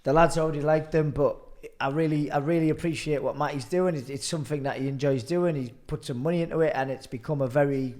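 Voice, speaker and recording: A man's voice: a little high, quick pace, few pauses, a little mellow. Chatty man hosting a podcast. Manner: swearing, laughing storyteller. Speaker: podcast host. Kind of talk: casual chat.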